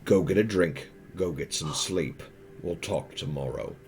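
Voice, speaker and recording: Blunt frontier commander, no patience, extremely deep register, voiced by a man. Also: measured pace, a little mellow, slight background noise. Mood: curt. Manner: blunt, no-nonsense. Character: stern male commander of a besieged town.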